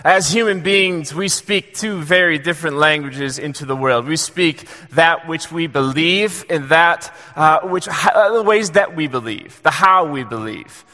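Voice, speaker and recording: Male pastor, bright fairly high voice, casual storytelling sermon, long hall reverb. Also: measured pace, hardly any pauses. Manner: conversational and joking. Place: church sanctuary.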